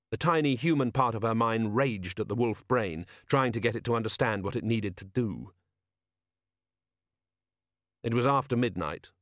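A man narrating an audiobook in an even, measured reading. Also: mid-range voice, no echo, clean studio sound. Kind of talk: scripted narration.

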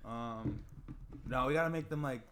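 A man's voice: medium pitch, normal speed, fairly bright tone, slight background noise. A young man taking part in crude podcast banter, a little hesitant.

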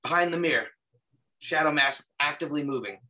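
Bright-voiced man presenting ghost footage. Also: on the high side, a little fast. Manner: earnest, restarts often, walks through footage. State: slightly losing his voice. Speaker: paranormal investigator guest. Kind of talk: casual podcast presentation.

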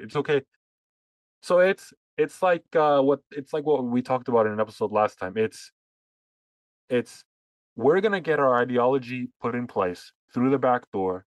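A man's voice: mid-range voice, no echo, poor audio. Man, podcast co-host, sarcastic, rambling restarts, dry close mic. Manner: sarcastic, talks in long runs with restarts. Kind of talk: casual political chat.

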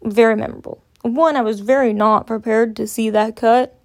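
A woman's voice: a little high, fairly even intonation, normal speed. A young woman telling a casual, rambling story, full of "like" and loose swearing. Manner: rambling, filler-heavy, frequent "like". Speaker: podcast host.

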